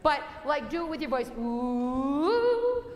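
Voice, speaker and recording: Young woman choir director, high voice, encouraging, reverberant rehearsal hall. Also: fairly bright tone. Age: young adult. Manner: brisk and encouraging, sings example phrases. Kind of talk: rehearsal instruction. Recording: long hall reverb, faint music.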